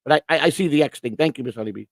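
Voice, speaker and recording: A man's voice: fairly high pitch, rapid-fire, creaky, no room sound. A man hosting a casual live-stream chat show, rambling and stammering through repeated restarts. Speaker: host. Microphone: computer setup with earphones.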